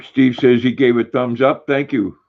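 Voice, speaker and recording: A man's voice: mid-range voice, little pitch movement, moderate pace, vocal fry, muffled recording. An older man hosting a casual livestream, reading viewer comments aloud and talking fondly to his dog in a folksy way. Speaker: livestream host.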